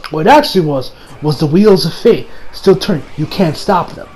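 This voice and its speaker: A man's voice: fairly high pitch, expressive, normal speed, a little mellow, low-quality recording. Rambling, swearing man reviewing an anime. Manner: rambling, swears, frequent restarts and fillers. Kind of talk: casual solo review.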